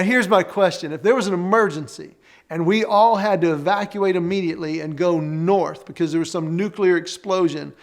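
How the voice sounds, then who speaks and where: Earnest yet conversational, a man leads a faith-based marriage teaching session, walking listeners through exercises and telling stories along the way. His voice sits high.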